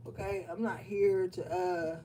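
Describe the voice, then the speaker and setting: Addressing her viewers head-on, a woman tarot reader gives a spiritual reading full of emotion and affirmation. She has a fairly low, dark voice, keeps her tone steady, and takes her time. Faint room noise comes through the distant mic.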